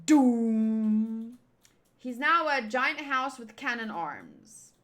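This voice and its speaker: Young woman, playful manga readthrough host, lively and unhurried. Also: high voice. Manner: playful, giggly asides and jokes. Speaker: channel host.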